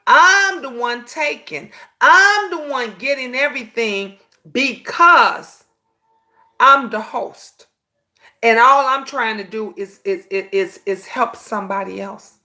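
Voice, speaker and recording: She's a host in her fifties running a casual live-stream chat, her voice on the high side and slow. Stories pour out animatedly, full of sass and frequent "honey"s.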